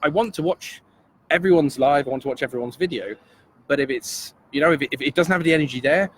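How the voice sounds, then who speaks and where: A playful male co-host talks fast, with a voice a touch higher than most men's. He rambles and restarts his thoughts as he goes. A faint background hum sits under him. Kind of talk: casual teaching chat.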